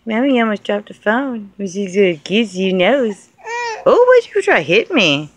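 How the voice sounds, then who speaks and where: A woman's voice: mid-range voice, big pitch swings, a little slow. Sing-song mother cooing at her baby. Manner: sing-song, coaxing and playful. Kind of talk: baby talk. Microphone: phone held over the baby.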